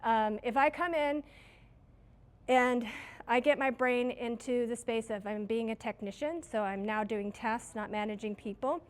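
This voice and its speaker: A woman's voice: on the high side, a little slow. A middle-aged woman who manages a restaurant, giving her staff a casual, story-filled training talk on leadership. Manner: casual, chatty, self-deprecating with stories.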